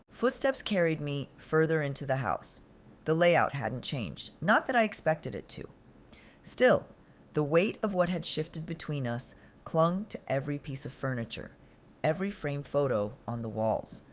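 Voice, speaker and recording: A woman reads a scripted first-person story with heavy drama. Her voice sits low but moves through a wide, lively range. She often sinks into breathy, near-whispered delivery. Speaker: narrator.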